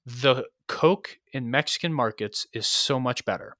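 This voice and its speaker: An American man co-hosts a casual podcast, telling offhand stories and letting the odd swear word slip. His voice sounds bright at an everyday pitch, and the recording is close and dry. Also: a little slow, dry recording. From United States, Colorado. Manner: offhand storytelling, mild swearing. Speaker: podcast co-host.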